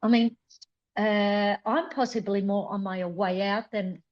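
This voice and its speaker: A woman's voice: mid-range voice, fairly even intonation, measured pace, dull audio. A woman in her fifties, a flamenco dancer guest, talking earnestly and repeating words for emphasis in an interview. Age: 50s. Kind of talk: conversational interview.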